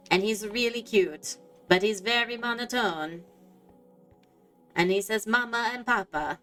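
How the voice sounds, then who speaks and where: A woman's voice: mid-range voice, a bit bright. Rambling young woman chatting while gaming. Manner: rambling, loses her train of thought, many fillers. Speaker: streamer. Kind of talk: casual chat while gaming. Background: faint game music.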